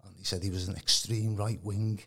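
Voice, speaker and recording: A man's voice: deep voice, steady tone, brisk, a bit bright. A man, giving a rambling casual testimony as a podcast guest, full of colloquial fillers. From Birkenhead, England. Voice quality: gravelly, very husky.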